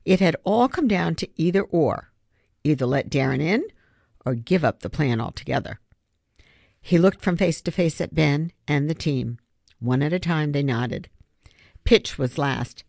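An audiobook narrator reading a children's novel aloud in an expressive way. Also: medium pitch, unhurried, creaky, no echo, clean studio sound.

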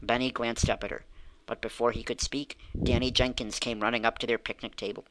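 A man reading a children's mystery book aloud, with clear, even storytelling. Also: mid-range voice, a little fast, slight background noise, low-quality recording. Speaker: audiobook reader.

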